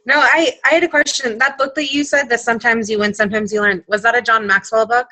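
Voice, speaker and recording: Bright-voiced woman asking a question. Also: a little high, steady tone, quick pace. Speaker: caller with a question. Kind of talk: casual call chat.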